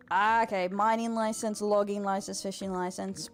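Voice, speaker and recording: A woman's voice: mid-range voice, fairly even intonation, normal speed, hardly any pauses, faint music behind. An Australian woman giving casual, joking live-stream commentary while she plays a game, laughing often.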